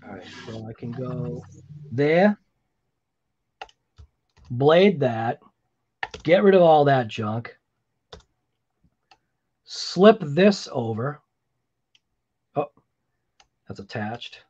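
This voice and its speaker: A man's voice: medium pitch, lively intonation, extremely slow, long pauses, a little mellow, muffled recording, a little hiss or hum. A man talking casually through his video edit, rambling with chatty asides about his own voice. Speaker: RC hobby channel host. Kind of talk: casual voice-over while editing video.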